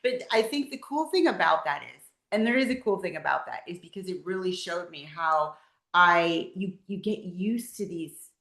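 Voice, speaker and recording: A woman chatting casually on a faith podcast, telling stories in an animated way with lots of fillers. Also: lowish voice, moderate pace. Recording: roomy echo.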